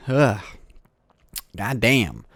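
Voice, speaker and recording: A man's voice: lowish voice, gravelly, sharp tone, no room sound. A young man from Illinois telling a profane, exasperated rant full of rambling restarts. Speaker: vlogger. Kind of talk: ranting storytime vlog.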